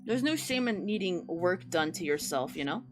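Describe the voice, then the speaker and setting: A woman's voice: fairly low pitch, lively intonation, moderate pace. Chatty young woman streamer, encouraging. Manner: encouraging, rambling, with playful sing-song noises. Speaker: streamer drawing and chatting with viewers. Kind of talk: casual livestream chat.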